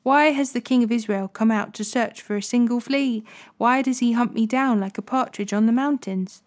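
A woman reading the words of a young male warrior, David, aloud from scripture, lifting her pitch on his emphatic lines. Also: moderate pace, lightly acted. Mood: pleading.

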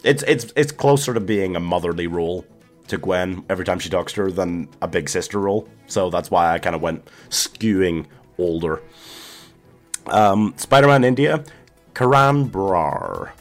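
A man's voice: low-pitched, expressive, normal speed, faint music behind. A man hosting a solo movie podcast, chatting casually and laughing often. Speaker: podcast host.

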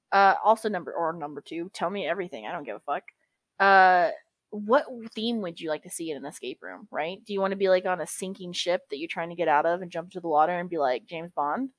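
A woman's voice: mid-range voice, no echo. A woman co-hosting a podcast in casual chat, talkative and profane, calling everyone girl. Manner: chatty, swears freely, calls everyone girl. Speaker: podcast co-host.

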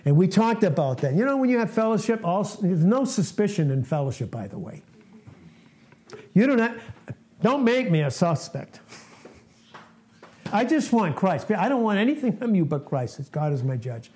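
A man's voice: sits high, very animated, moderate pace, pauses often, mellow. Earnest folksy preacher in his sixties. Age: 60s. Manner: earnest, folksy, self-deprecating, repeats himself. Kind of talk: informal sermon to a small fellowship.

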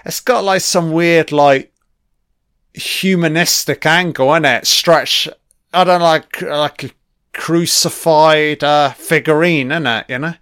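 A British man giving a casual commentary on a film. He reacts out loud and swears often as he rambles. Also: fairly high pitch, takes it slowly, smooth, no room sound, studio quality. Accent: British English.

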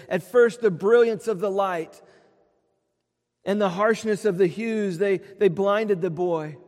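A man preaching a sermon, earnest, dropping quiet for tender quotes and swelling on lists. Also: high-pitched. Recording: long hall reverb.

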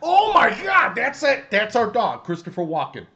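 A man's voice: extremely high pitch, wildly swooping pitch, normal speed, bright, forceful tone, lo-fi sound. A man co-hosting a casual podcast, rambling and swearing with lots of laughter. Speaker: podcast co-host. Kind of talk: casual banter.

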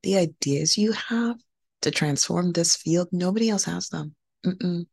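A woman's voice: lowish voice, a little slow, vocal fry, a little mellow, slightly rough. A woman hosting a podcast, giving an earnest, emphatic motivational talk and repeating key phrases for encouragement. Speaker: podcast host and hematologist.

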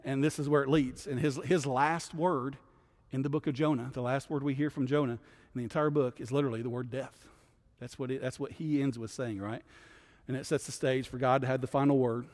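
Male guest pastor, mid-pitched, casual teaching tone, long hall reverb. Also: a little mellow. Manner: conversational, often adds "right?" and restarts. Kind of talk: Bible study teaching.

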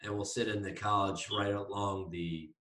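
A man's voice: fairly low pitch, steady tone, moderate pace, a bit bright. A young man co-hosting a casual podcast, telling a rambling story with swearing and laughter. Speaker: podcast co-host. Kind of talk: casual chat. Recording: echoey room, mic at a distance.

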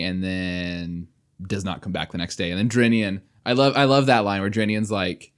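A man co-hosting a podcast, retelling a book in casual chat, animated and laughing often. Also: low-pitched, normal speed. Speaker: podcast co-host.

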